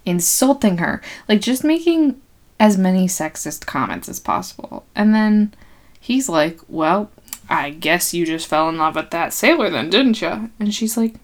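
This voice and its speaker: A woman's voice: mid-range voice, very animated, a little slow. Laughing chatty young woman recapping a film. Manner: chatty, laughs often, slangy, acts out quotes. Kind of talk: casual comedic film recap.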